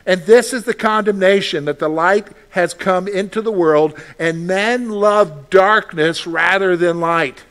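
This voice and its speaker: A man's voice: sits high, measured pace, hardly any pauses, a bit bright. Emphatic male pastor preaching a sermon. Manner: emphatic preaching, reads scripture aloud, answers his own imagined questions.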